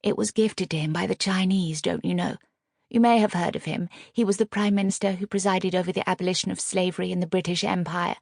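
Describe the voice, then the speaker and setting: A woman voicing a cold, haughty young upper-class wife who gives curt, commanding orders, in a low, gravelly voice. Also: fairly even intonation, brisk, a little mellow, dry recording, studio quality.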